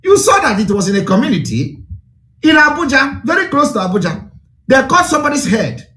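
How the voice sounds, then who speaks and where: A man's voice: very high-pitched, big pitch swings, brisk, bright, forceful tone. A man with a Nigerian accent giving an impassioned broadcast address, fiery and declamatory with lots of repetition. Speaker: political broadcaster.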